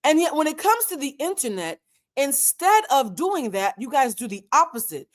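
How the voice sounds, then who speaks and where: A woman runs a commentary channel and addresses her viewers directly in an impassioned, lecturing rant packed with pointed rhetorical questions. Her high voice is sing-song, and she talks at normal speed.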